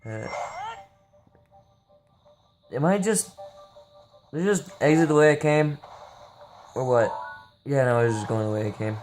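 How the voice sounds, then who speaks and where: A man's voice: mid-range voice, unhurried, long pauses, a little mellow, soft background music. A young man giving casual, rambling and profane gameplay commentary, sleepy and joking as he plays. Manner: tired, rambling, jokey and profane. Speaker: gameplay streamer.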